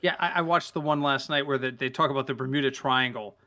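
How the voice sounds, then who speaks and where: A man's voice: mid-range voice, fast talker, bright, forceful tone. A man co-hosting a casual sports podcast, telling stories animatedly and laughing as he goes. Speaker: podcast co-host.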